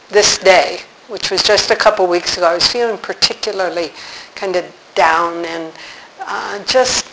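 Woman giving a church-style talk, slow unhurried storytelling, a bit of background noise. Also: medium pitch, fairly bright tone, low-quality recording. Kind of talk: faith talk with personal story.

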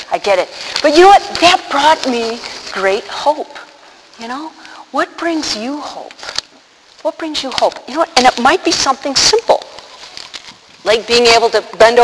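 A woman telling a personal story to an audience, animated, acting out the quotes and laughing often. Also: on the high side. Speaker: religious speaker. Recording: long hall reverb, faint noise.

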